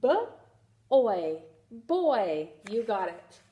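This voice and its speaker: A woman's voice: fairly high pitch, very animated, extremely slow, dark tone. A woman teaching a phonics lesson to young children, sounding out each letter and praising often. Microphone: recorded to camera for a video lesson.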